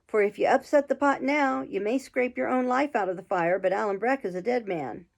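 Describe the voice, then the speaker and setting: A woman's voice: fairly high pitch, brisk. A woman voicing a wily, fierce man who grumbles and puts on fury, read from a storybook. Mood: gruff. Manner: gruff, grumbling, feigned fury. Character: wily fierce Scottish male Highlander, roguish.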